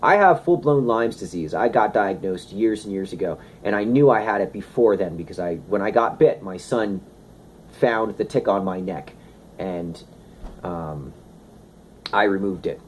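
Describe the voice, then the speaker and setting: A man giving a casual, animated talk on health and wellness, slipping into playful asides. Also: lowish voice, unhurried, a little hiss or hum. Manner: animated, conversational, slips into playful impressions. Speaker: wellness speaker.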